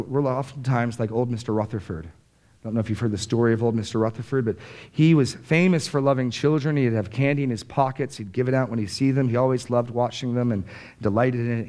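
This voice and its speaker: A man's voice: mid-range voice, a little mellow. Man preaching a sermon with emphatic repetition. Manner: reads scripture slowly, then preaches with rising emphasis; repeats key phrases for stress. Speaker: pastor.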